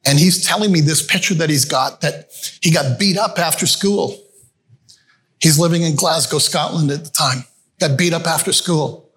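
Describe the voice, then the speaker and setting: In a church meeting room with a screen, a male pastor delivers a sermon like he's telling a story, chatting with his listeners and calling them friends. His voice is fairly high and a bit bright, at a normal speed.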